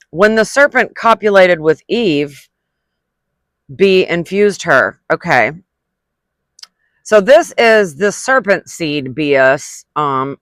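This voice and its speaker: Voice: mid-range voice, fairly bright tone, no room sound. Vlogger reading a text aloud, indignant side comments, trips over hard words, dry close recording. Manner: reads quoted passages, then breaks off into indignant asides; stumbles over unfamiliar words and retries them.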